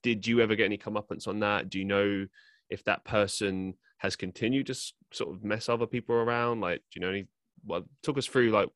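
Podcast host with rambling questions. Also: male voice, lowish voice, fairly even intonation, fairly quick, fairly bright tone, no room sound, clean studio sound. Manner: rambling, hedging questions full of likes and I means. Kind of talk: casual interview talk.

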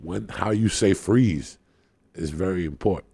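A man guesting as a comedian on a podcast, telling rambling, profane stories in an animated way. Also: low voice, unhurried, no echo. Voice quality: gravelly. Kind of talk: comic storytelling on a podcast.

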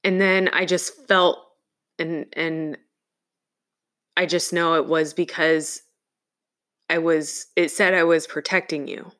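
A woman speaks slowly and with care, in a fairly low voice, as she tells a personal story. Her delivery is earnest and reflective, with halting pauses and restarts. The conversation is casual. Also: flat delivery, a bit bright.

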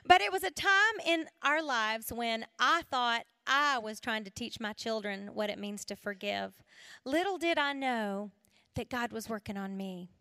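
Woman, forties, high voice, animated storyteller, dry close sound. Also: a little slow, smooth, no echo. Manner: animated storyteller who acts out quoted voices. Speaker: Christian conference speaker and singer. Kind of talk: storytelling talk at a women's conference.

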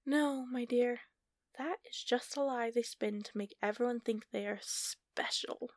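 A woman's voice: fairly high pitch, a little slow, no room sound, close to an everyday voice. A woman narrator voicing a scornful, mocking sorceress with a dry, taunting delivery.

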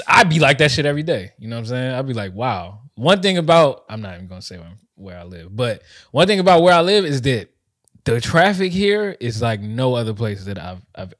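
A man from the DMV area of the US, co-hosting a podcast in casual chat, laughing often and swinging between soft and loud. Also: medium pitch. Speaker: podcast co-host.

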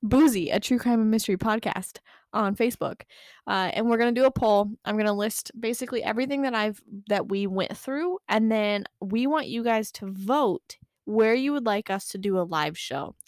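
A woman's voice: on the high side, normal speed, no echo, clean studio sound. A woman co-hosting a podcast in casual chat, easygoing and joking, with a few "um"s and "uh"s. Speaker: podcast co-host.

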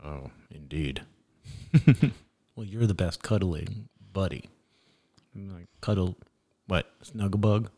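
A young father chatting casually with his little daughter in a playful, gentle, teasing way. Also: low-pitched, takes it slowly, pauses often.

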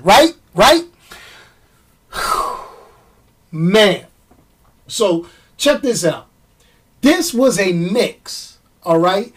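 A middle-aged woman hosting a movie show, ranting in animated, slangy film commentary and stretching words for emphasis. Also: medium pitch, slow, distant mic.

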